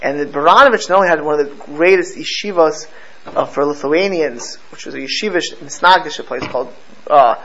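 A man teaching a lesson through a story, animated and often restarting and repeating his words. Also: a little high, a little fast. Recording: slightly dull with faint background noise.

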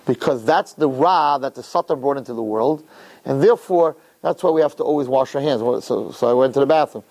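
A man teaching a Torah class, emphatic and animated, repeating words and firing off rhetorical questions. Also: mid-range voice, fairly quick.

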